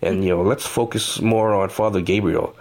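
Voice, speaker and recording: Male listener voicemail, lower voice, relaxed, halting with fillers. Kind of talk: casual chat.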